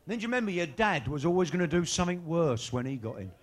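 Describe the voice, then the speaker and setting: A man's voice: a little high, very animated, quick pace. A man doing a cheeky, bawdy stand-up routine, bantering with a live audience. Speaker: stand-up comedian. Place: live comedy venue with audience.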